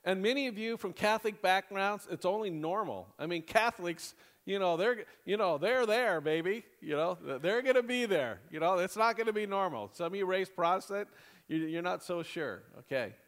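Male pastor, slightly high voice, preaching with big swings from loud to hushed, chatty and laughing; long church-hall reverb. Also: normal speed. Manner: animated preaching, swinging from loud bursts to hushed near-whispers, laughing often. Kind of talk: sermon. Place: church sanctuary.

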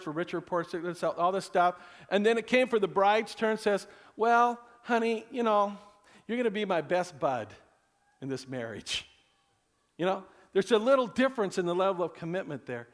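A man preaching a casual, conversational sermon to a congregation, rambling and folksy, full of asides and jokes. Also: sits high. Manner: folksy, rambling, leans on "you know", cracks jokes. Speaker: pastor.

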